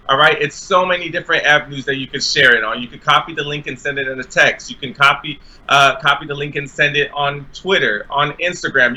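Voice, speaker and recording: A man's voice: on the high side, sharp tone, poor audio. A young man co-hosting a live stream, giving upbeat promotional announcements to viewers. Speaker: co-host.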